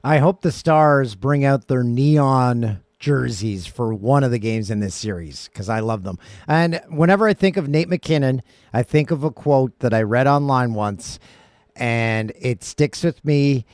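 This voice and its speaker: A man's voice: medium pitch, measured pace, darkish tone, no room sound, studio quality. A man hosting a casual hockey talk show, trading playful jokes and banter with his co-host. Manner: playful, joking, banter-driven. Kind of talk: casual sports podcast talk.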